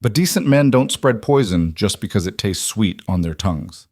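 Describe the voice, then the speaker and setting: A man voicing a quiet cowboy who speaks in a calm, measured and firm way. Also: fairly low pitch, no room sound, clean studio sound.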